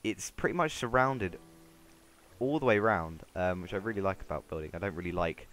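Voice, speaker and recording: A man's voice: low voice, brisk, fairly bright tone. A man giving casual, rambling gameplay commentary, talking to himself as he plays. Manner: rambling, talks to himself while playing. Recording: game music playing underneath.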